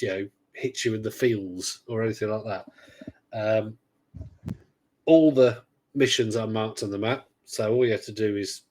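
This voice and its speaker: A man's voice: on the low side, darkish tone. A man hosting a casual podcast chat, talking in a rambling, hesitant way with dry sarcasm. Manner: rambling, hesitant, many fillers and restarts; dryly sarcastic. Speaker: podcast host.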